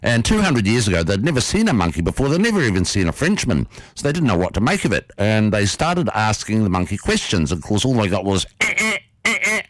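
A man, hosting a radio show and telling a story in a playful, quick way. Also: lowish voice, sing-song, dry recording. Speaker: radio host. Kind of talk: radio storytelling and interview intro. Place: radio studio. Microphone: studio microphone.

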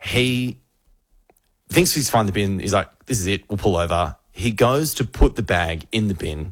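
A man, hosting a radio show and telling a story with lively energy. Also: lowish voice, normal speed, dry recording, studio quality. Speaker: radio host. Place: radio studio.

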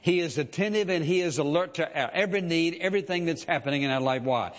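A man preaches in a plain, talky way, with many fillers and "listen" asides. His voice sits a little high for a man. The sound is dull and lo-fi, with a long echo trailing in a big hall. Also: quick pace. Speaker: pastor. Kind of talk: sermon.

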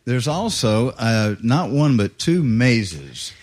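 A man's voice: mid-range voice, big pitch swings, slow pace, a little mellow. A man interviewing an author onstage, joking and rambling through his questions. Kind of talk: conversational interview.

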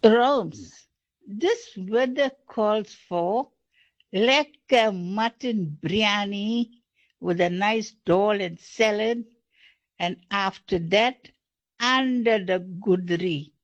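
Woman, unhurried, muffled dry voice note. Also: medium pitch, no room sound. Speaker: listener sending a voice note. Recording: dull lo-fi voice note.

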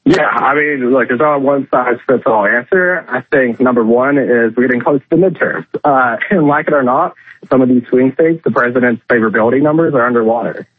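A man calling in to a radio show as a political commentator, talking in measured turns with many fillers. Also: mid-range voice, breathy edge, no echo. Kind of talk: talk radio phone interview. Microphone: telephone. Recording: tinny dry phone line.

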